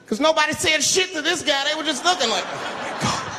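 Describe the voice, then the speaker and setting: A man doing stand-up, telling a profane story and acting out the characters with wild shouts. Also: very high-pitched, fast talker. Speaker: stand-up comedian. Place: comedy venue with live audience. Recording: live stand-up recording with crowd noise. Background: audience laughter.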